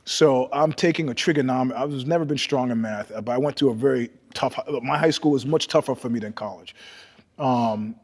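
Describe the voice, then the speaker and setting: Husky older New man spinning yarns. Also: medium pitch, a little fast. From New York. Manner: animated, profane, swings from loud to hushed. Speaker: guest storyteller. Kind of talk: casual storytelling interview. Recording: long reverb in the room.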